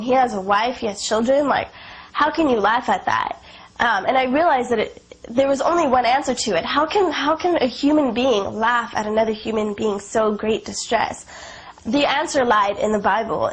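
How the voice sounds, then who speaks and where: A woman's voice: fairly high pitch, low-quality recording. A young woman from Afghanistan telling her personal testimony in an earnest, conversational way, full of "you know" and "like".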